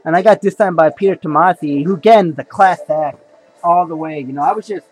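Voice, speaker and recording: Young male vlogger, high voice, rambling casual delivery, faint music under. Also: fairly quick, poor audio. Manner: rambling, repeats himself, says "folks" and "you know". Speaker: comic collector vlogger. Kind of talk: casual haul video talk.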